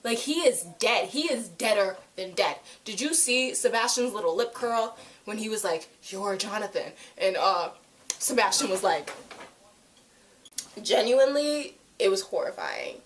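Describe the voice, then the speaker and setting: A young woman reviewing a TV episode in a casual, animated way, full of slang and "like", jumping between loud outbursts and hushed asides. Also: medium pitch, unhurried. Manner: frequent "like" fillers, slangy.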